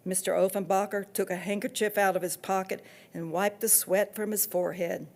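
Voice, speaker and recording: A woman author reading from her own novel with steady, expressive storytelling. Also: mid-range voice, a little fast, few pauses.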